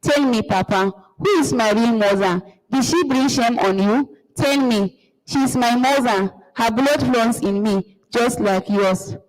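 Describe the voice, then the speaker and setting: A woman's voice: on the high side, unhurried, lightly acted. A woman reading an insistent young son. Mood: pleading. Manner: insistent, pleading. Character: young man demanding to know his mother. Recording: long hall reverb.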